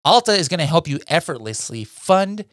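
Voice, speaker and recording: A man's voice: fairly high pitch, very animated, normal speed, fairly bright tone, no echo, studio quality. A man hosting a podcast, announcing new features in an enthusiastic, chatty way with many "all right"s and "guys". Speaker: podcast host.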